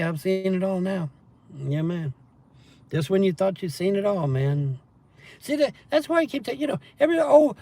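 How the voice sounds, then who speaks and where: A man's voice: fairly high pitch, creaky, warm tone. A man hosting a livestream, rambling casually and profanely as he reads and answers chat comments. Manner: profane, meandering storytelling with laughs. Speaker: livestream host reading chat.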